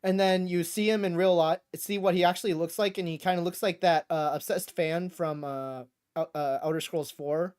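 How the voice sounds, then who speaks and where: A woman chatting casually as a streamer, profane and prone to loud laughing outbursts. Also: fairly low pitch, steady tone, moderate pace, hardly any pauses, clear, resonant tone. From United States. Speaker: streamer reacting to a debate.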